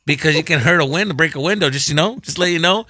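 A man with a slight southern twang telling a story in casual chat, animated, shouting the lines he quotes. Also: on the high side, fast talker, dry recording, studio quality.

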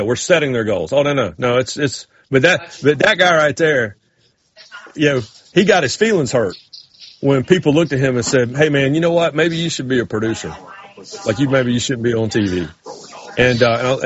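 A man's voice: medium pitch, dull audio. A man with a Southern US accent, co-hosting a radio show and telling stories in casual banter. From North Carolina, US South. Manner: animated, storytelling, quick asides.

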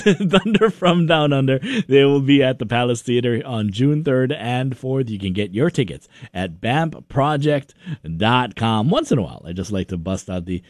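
A man's voice: mid-range voice, a little mellow, dry recording, studio quality. A male radio DJ announcing an event and a break in a jokey, chuckling way. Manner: jokey, chuckling between words.

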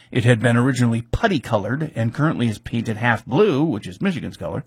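A man's voice: mid-range voice, animated, fast talker, creaky, few pauses, husky, no room sound, clean studio sound. A man recapping a football rivalry's history in casual talk, reading facts with offhand asides and fillers.

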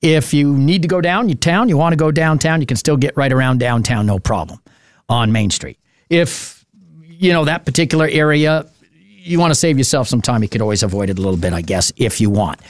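A man's voice: mid-range voice, expressive, brisk, dry recording, clean studio sound. Chatty New radio host man. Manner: chatty and rambling, many "uh" fillers. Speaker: local radio talk show host. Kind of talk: casual open-mic radio chat.

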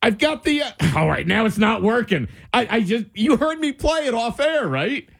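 A man co-hosting a radio show in casual, joking chat, quick to laugh. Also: extremely high pitch, big pitch swings, creaky. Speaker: radio host.

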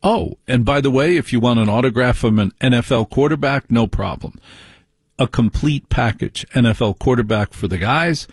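A man's voice: medium pitch, vocal fry, husky, no echo, clean studio sound. A man hosting a talk show, delivering an opinionated monologue in a ranting, conversational way full of rhetorical questions.

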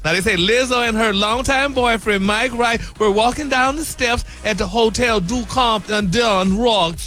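A man's voice: very high voice, moderate pace, sharp tone, soft background music. A flamboyant man hosting a celebrity gossip segment on a radio morning show, sassy and laughing, calling everyone honey and baby. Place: radio studio.

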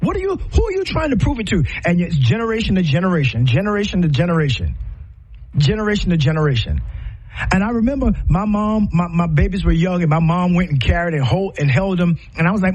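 A man's voice: sits high, animated, fast talker, darkish tone, husky, low-quality recording. A man hosting a podcast, giving impassioned commentary in a preacher-like cadence full of rhetorical questions and repetition. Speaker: podcast host.

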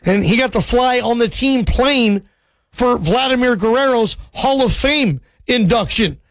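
High-voiced chatty male radio host. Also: unhurried, no echo. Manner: friendly, chatty, asks eager questions. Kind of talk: call-in radio hosting.

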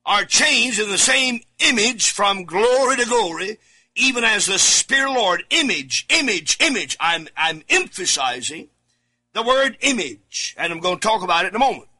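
A man preaching a studio sermon with a bright, piercing edge. He talks slowly and leans hard on key words, with lively swings in pitch. He jumps from shouted emphasis to quiet asides. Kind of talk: studio sermon reading scripture. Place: studio, alone.

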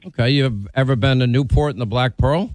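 A man's voice: mid-range voice, brisk, a little mellow, no room sound. A middle-aged man hosting a call-in radio talk show, blunt and opinionated, teasing his callers.

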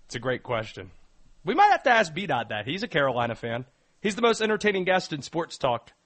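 A man hosting a sports talk radio show, punchy and lively. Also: fairly high pitch, fairly quick.

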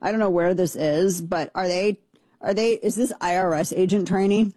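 A man's voice: high voice, normal speed, warm tone, no echo. A man hosting a talk radio show, reacting to a video with incredulous jokes and rambling restarts. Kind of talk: casual talk radio commentary.

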